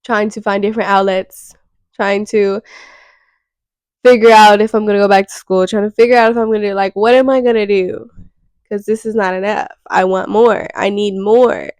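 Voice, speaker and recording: A woman's voice: medium pitch, steady tone, moderate pace, a little mellow, no echo, rough recording. A young woman vlogging, talking frankly and a bit rambly about herself and swearing casually. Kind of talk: candid self-reflective monologue.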